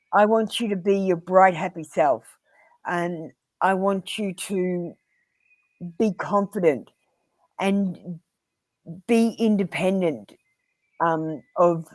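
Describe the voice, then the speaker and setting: A woman's voice: lowish voice, no echo. Blunt Australian woman reading tarot. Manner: blunt and earnest, addressing viewers by name; frequent ums and pauses. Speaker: tarot reader. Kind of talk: live-streamed tarot reading.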